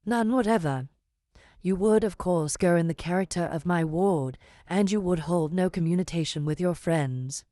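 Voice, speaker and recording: A woman voicing a large, scheming middle-aged man in an audiobook, unctuous and measured as he persuades. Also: on the low side, mellow, no room sound, clean studio sound, natural voice. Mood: smooth persuasive. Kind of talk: audiobook character reading.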